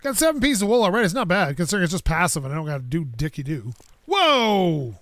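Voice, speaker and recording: A high-pitched man chats his way through a building game, rambling loosely to himself and to viewers. His voice sits close and dry on the mic, with no room sound around it. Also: expressive, rapid-fire, a bit bright, no room sound. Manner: rambling, chatty, talks to himself and chat. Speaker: gaming streamer. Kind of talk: casual gameplay commentary.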